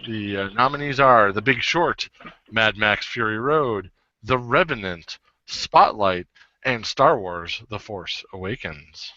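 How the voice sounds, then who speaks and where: A man's voice: lowish voice, lively intonation, slow pace, bright, forceful tone, dull audio. A man co-hosting a casual podcast, reading out nominees and joking as he stumbles over the words. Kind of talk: casual chat.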